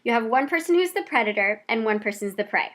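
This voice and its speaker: Chatty young woman with a higher voice. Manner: chatty and animated, with quick asides. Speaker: vlogger. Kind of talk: casual personal storytelling to camera.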